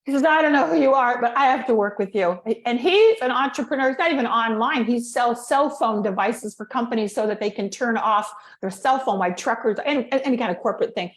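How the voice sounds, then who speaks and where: A woman coaching people on speaking, her voice sitting a little high. She keeps acting out her own tips as she talks. The room around her rings with echo. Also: brisk, hardly any pauses. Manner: animated, demonstrates vocal techniques. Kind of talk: casual chat.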